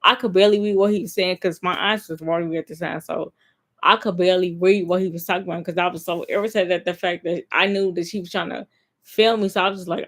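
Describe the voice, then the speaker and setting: A young woman chats straight to her camera in a loose, rambling story-time vlog. Her voice sits a little low, and she leans on emphatic repeats and filler words as she tells it. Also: fairly even intonation, fairly quick, vocal fry. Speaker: vlogger.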